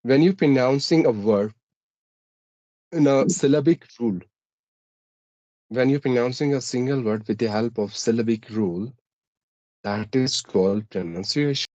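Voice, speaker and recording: A man's voice: medium pitch, unhurried, pauses often, warm tone, dry recording, lo-fi sound. A man, an English teacher, explaining pronunciation and accent by going through numbered rules. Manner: methodical, lists numbered rules. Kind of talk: explaining English-speaking tips.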